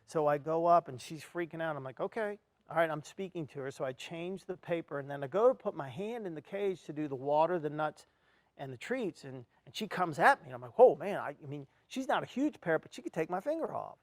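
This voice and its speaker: A man's voice: fairly high pitch, lively intonation, a little fast, dry recording. A man giving a motivational talk to parents, earnestly telling a personal story and acting out his own reactions. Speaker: speaker at an education event.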